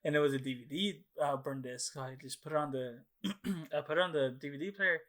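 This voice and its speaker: Young male podcast co-host, slightly high voice, rambling and profane, acts out his own reactions. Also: brisk, a bit bright. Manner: rambling storytelling full of fillers and swearing, acting out his own past reactions. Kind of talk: casual chat.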